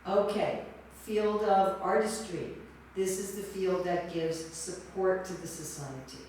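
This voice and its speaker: A woman's voice: mid-range voice, fairly even intonation, a little slow, a little mellow, slight background noise. A woman teaching a class, quizzing her listeners and sorting their answers into right and wrong. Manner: quizzing the audience, repeating and judging their answers. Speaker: lecturer. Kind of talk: interactive class lecture. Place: lecture hall. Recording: echoey hall from far off.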